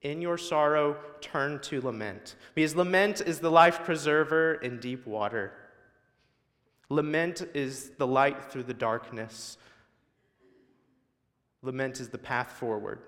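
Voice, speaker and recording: A man's voice: medium pitch, takes it slowly, a bit bright, long reverb tail. A male guest preacher delivering a sermon in a church, building emphasis through repetition. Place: church sanctuary.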